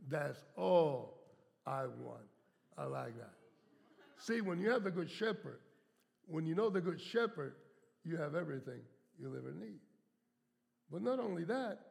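A heavily gravelly, somewhat high-pitched older man in his seventies delivers a storytelling sermon, drawing out key words for emphasis. His voice rings with long reverb in a church sanctuary. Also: a little mellow. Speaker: guest preacher.

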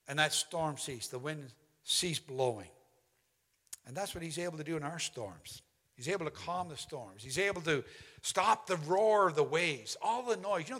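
A man preaching a sermon as pastor, impassioned and emphatic, often dropping to a hushed, quiet delivery. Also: on the high side. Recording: long hall reverb.

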